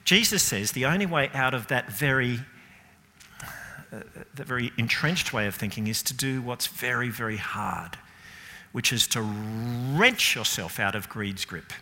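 Animated preacher in echoey church. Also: male voice, mid-range voice, a little slow. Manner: animated, rhetorical questions, shifts between loud and soft. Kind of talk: sermon.

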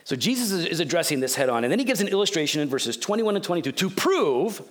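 A pastor giving a sermon in a joking, conversational, storytelling manner. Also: male voice, on the high side, sing-song, fast talker, fairly bright tone.

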